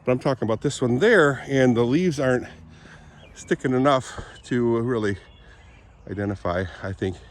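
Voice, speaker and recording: A man with a lingering cold giving a rambling, chatty outdoor walk-and-talk vlog on his farm, often clearing his throat and coughing. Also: mid-range voice, moderate pace, slight background noise. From Southwest Michigan. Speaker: vlogger.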